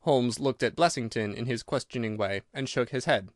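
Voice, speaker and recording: Male audiobook narrator, mid-pitched, measured and steady; dry close mic. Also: no room sound. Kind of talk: scripted narration.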